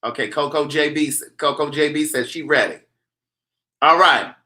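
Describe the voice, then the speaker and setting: A man hosting a casual vlog, talking to camera in an animated, sassy, teasing way. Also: a little high, normal speed. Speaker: vlogger host.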